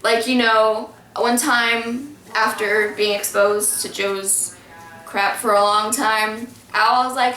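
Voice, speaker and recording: Young woman, casual rambling storyteller, bright tone, distant roomy sound. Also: on the high side, fairly even intonation, takes it slowly, faint music behind. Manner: rambling, many restarts and fillers. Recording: echoey room, from far off.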